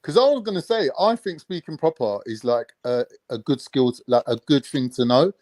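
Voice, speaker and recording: A man's voice: medium pitch, expressive, brisk, a little mellow, no room sound. A man, chatty and jokey, talking with friends on an online panel and slipping between slang and proper speech. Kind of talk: casual online panel chat.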